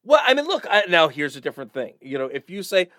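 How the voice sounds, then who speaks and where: A middle-aged East Coast American man co-hosting a podcast, rambling and animated with lots of "you know" fillers. His voice sits a bit high and swoops up and down expressively. The recording is dry and close. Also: quick pace, no room sound. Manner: rambling, animated, swears casually. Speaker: podcast co-host. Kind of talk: casual chat.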